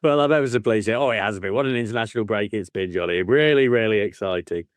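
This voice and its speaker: A man's voice: lowish voice, fast talker, dry recording. A man co-hosting a football book podcast, mocking and swearing as he laughs through the chat. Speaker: podcast co-host. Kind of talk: casual chat.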